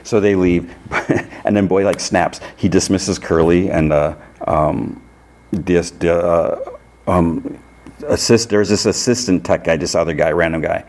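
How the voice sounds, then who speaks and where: A man with a deep, low voice talks through a TV episode in a loose, rambling way. He quotes the characters' lines and nudges his voice a little for each of them. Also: measured pace, darkish tone. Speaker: podcast host recapping a TV episode. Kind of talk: casual episode recap.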